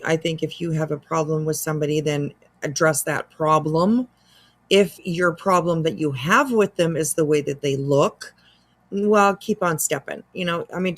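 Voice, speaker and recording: A middle-aged woman hosting a casual commentary show, rambling and hedging with lots of fillers while fighting the hiccups. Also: sits low. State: has the hiccups. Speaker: commentary host.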